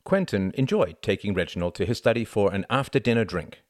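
A man narrates a novel in measured, even storytelling. His voice sits fairly low, and the recording is dry and close with no room sound. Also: no echo. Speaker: audiobook narrator. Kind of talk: scripted narration.

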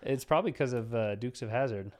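A man's voice: mid-range voice, quick pace. A man co-hosting a casual podcast chat, easygoing, laughing often and acting mock-scandalized. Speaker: podcast co-host.

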